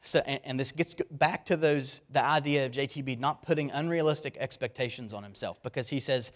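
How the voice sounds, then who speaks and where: A man's voice: medium pitch, brisk. A man preaching a sermon, earnest and emphatic, often repeating key words for weight.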